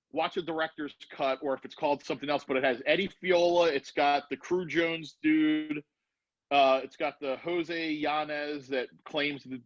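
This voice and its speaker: A middle-aged man, a former BMX rider, telling a profane, animated story as a podcast guest. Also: mid-range voice, no echo. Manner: profane, animated, acts out voices in anecdotes. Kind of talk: casual storytelling. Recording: dull lo-fi podcast audio.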